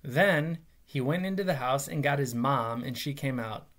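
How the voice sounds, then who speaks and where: A man, a teacher, reading a memoir aloud with lively, expressive storytelling. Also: medium pitch, moderate pace.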